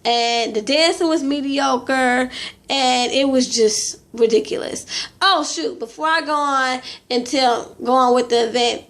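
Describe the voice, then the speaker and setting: A young woman with a high voice talks through a reality TV episode in a loose, gossipy way. She is opinionated and chatty, filling her sentences with "you know" and casual slang. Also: a little slow, a bit bright. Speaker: reality TV recap vlogger.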